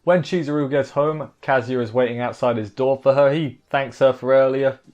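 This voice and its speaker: Male anime reviewer, excitable and exasperated, mid-pitched, cuts himself off constantly, dull lo-fi mic. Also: normal speed, soft background music. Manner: excitable, exasperated, self-interrupting. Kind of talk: casual episode recap review.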